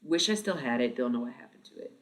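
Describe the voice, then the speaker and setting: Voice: medium pitch, lively intonation, quick pace. A livestream host in their thirties, chatting casually with viewers, rambling, swearing freely and laughing often.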